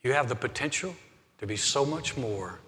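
A male pastor preaching a sermon in a church sanctuary, building to fervent emphasis and then softening into quiet prayer. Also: mid-range voice, animated, moderate pace. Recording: long hall reverb, faint music.

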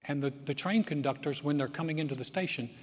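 A preacher with a fairly high, husky voice, telling jokes and stories in a folksy way. His words ring out with the long reverb of a large hall. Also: fast talker. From Southern United States. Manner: folksy storyteller, repeats words as he restarts. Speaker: pastor. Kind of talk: sermon with humor.

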